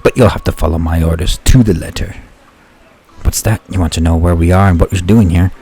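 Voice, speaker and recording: A man's voice: low-pitched, fairly quick, mellow, slightly rough. Man doing a taunting monster ship captain. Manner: taunting, mock-cheerful threats. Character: gloating monster ship captain, menacing male jailer. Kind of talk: reading game dialogue aloud.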